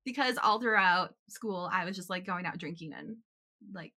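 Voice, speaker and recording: A young adult woman co-hosting a podcast, telling a quick, chatty story about her school years with frequent giggles. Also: lowish voice, pushed and bright. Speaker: podcast co-host. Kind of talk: casual chat, storytelling.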